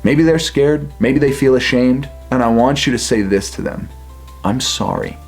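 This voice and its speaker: A man, a life coach, giving a self-help talk and gently guiding the listener through an exercise. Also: mid-range voice, normal speed, soft background music. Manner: gentle, earnest, speaks directly to the listener.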